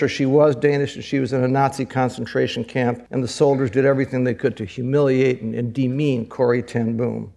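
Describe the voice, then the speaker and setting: A male pastor preaches in an earnest, conversational way, often repeating himself as he builds a point. His voice has a gravelly, creaky texture. He speaks at a mid pitch. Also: a little mellow. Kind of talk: sermon.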